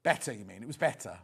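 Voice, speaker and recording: A man's voice: medium pitch, creaky, pushed and bright, slightly rough. A middle-aged man presenting a live TV sales show, chatting in rambling, joking asides between prices. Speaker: shopping channel presenter.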